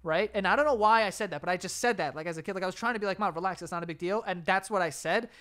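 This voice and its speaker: A young man, co-hosting a podcast and telling stories in an animated way, acting out quotes and laughing often. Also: sits high, very fast, clean tone. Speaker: podcast co-host. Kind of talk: casual chat.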